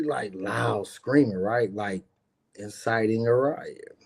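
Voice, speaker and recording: A man's voice: fairly low pitch, slow pace. Man telling a street story, worked up. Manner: animated, acts out quotes, frequent fillers and profanity. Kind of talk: casual storytelling.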